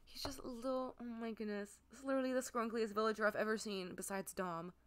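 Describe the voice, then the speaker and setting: Give me an excitable, gushing woman chatting through a casual game stream. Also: on the high side, quick pace. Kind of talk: casual gameplay commentary.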